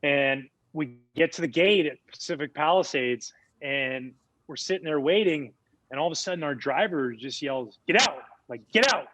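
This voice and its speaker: With a fairly high pitch and normal speed, a man in his forties who once played ball tells a story as a podcast guest. His delivery is lively and relaxed, peppered with fillers.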